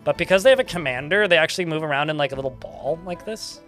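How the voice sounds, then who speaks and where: A man's voice: fairly high pitch, lively intonation, fast talker, a bit bright, soft background music. A man giving casual, chatty commentary while playing a game, laughing often and swearing offhand.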